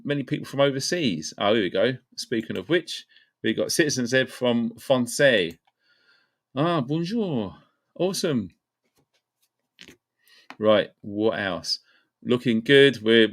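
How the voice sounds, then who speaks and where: Upbeat man greeting live-stream viewers. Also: mid-range voice. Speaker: livestream host. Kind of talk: casual live-stream chat.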